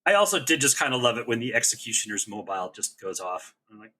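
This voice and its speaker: A man's voice: medium pitch, quick pace, husky. A man co-hosting a TV recap podcast, talking in a rambling, joking, casual way. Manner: animated, rambling, joking asides. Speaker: podcast co-host.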